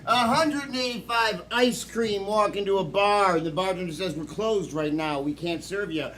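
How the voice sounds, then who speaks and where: High-voiced man cracking quick jokes. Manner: quick punchline jokes, laughs at own lines. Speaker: improv comedian. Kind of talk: live improv performance. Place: comedy club stage. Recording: live room with loud audience noise.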